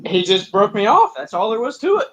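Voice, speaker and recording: A man's voice: sits high, sing-song, a little fast. A man fishing on camera, pleading and exclaiming as he fights a fish and loses it. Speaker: angler on camera. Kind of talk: live reaction while fishing. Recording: dull lo-fi clip audio.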